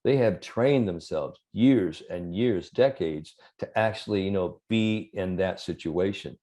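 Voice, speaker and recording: A man being interviewed as a sports psychologist, talking in a relaxed conversational way and telling animated stories, with frequent "you know" fillers. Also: sits low, measured pace.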